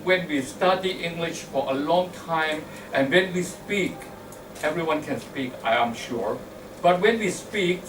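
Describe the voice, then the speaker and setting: A man with a Thai accent giving an instructive, jokey club speech, acting out pronunciation examples. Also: on the high side. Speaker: Toastmasters meeting evaluator. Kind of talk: club speech with humorous anecdotes. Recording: echoey room from far off, faint noise.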